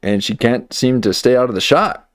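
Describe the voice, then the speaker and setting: A man's voice: medium pitch, moderate pace, no echo, clean studio sound. A man hosting a livestream and commenting on clips, getting worked up and talking back at the screen.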